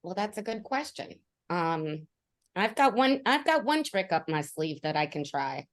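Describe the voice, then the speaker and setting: Unhurried woman playing a tabletop game. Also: lowish voice, sing-song. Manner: hesitant, full of fillers. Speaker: player. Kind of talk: casual tabletop game play.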